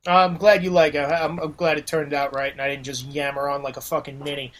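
A man's voice: fairly high pitch, brisk, a loud crowd. Profane, rambling man telling stories. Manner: profane, rambling, animated storyteller. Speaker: podcast guest. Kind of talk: casual storytelling chat.

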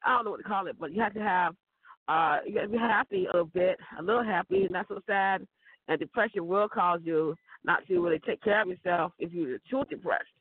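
Hoarse woman rambling on a tinny line. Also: on the low side, fairly quick, no room sound. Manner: rambling, chuckles often, repeats words. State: hoarse from a cold. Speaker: vlogger. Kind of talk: casual rambling monologue. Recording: tinny phone-like dry recording.

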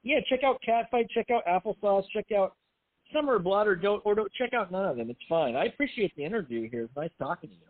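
A man's voice: sits high, animated, fast talker, no room sound. A middle-aged man, a film writer and director, talking casually in an interview, rambling and self-deprecating with many restarts. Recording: tinny phone-like line.

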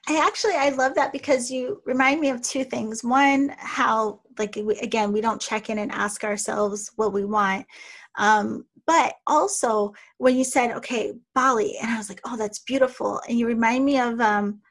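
A woman's voice: a little high, moderate pace. A woman hosting a casual podcast interview, asking rambling questions full of "like" and "um.". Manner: warm, affirming, filler-heavy questions. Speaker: podcast host.

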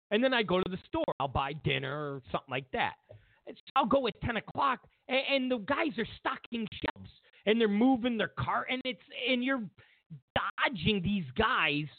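A Los Angeles talk show host with a high-pitched voice rambles through a political monologue, repeating words and restarting often. The recording is dry and tinny, almost like a phone line.

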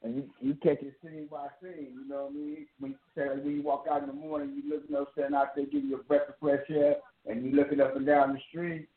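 A man's voice: on the high side, flat delivery, quick pace, few pauses, breathy edge. Laid-back Bay man on a phone line. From San Francisco Bay Area. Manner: laid-back, reflective storyteller. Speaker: round table guest. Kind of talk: casual chat. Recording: tinny phone-line sound.

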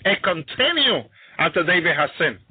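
A man preaches with emphatic, repeating phrases and frequent hallelujahs. His voice sits a little high and sounds dry and tinny, like a phone line. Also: very animated, moderate pace, breathy edge, no room sound. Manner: emphatic, repetitive, exclaiming hallelujah. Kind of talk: sermon.

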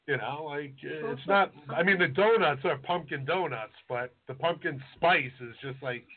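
A man's voice: on the high side, moderate pace. A man co-hosting a podcast in casual chat, rambling and trailing off mid-thought. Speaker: podcast co-host. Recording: tinny phone-like sound.

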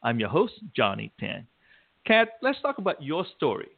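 A man's voice: mid-range voice, huge pitch swings, normal speed, vocal fry, breathy edge. A man hosting an interview, encouraging and affirming his guests. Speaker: host. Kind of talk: interview host. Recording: phone line.

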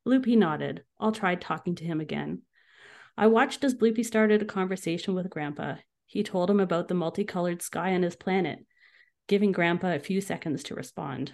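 Brief: woman reading a storybook aloud with expression, slightly low voice. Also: normal speed, gravelly, a little mellow. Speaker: guest author.

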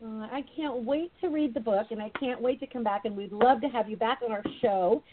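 A woman's voice: a little high, a little fast, background noise. A woman hosting a conversational interview, encouraging and supportive as she responds. Her voice comes through thin, phone-like audio. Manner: supportive, affirming. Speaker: podcast host.

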